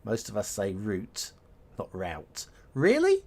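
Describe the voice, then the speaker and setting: A man's voice: on the low side, expressive, slow pace. A middle-aged man chatting casually on a live stream, rambling and self-mocking as he laughs at his own jokes.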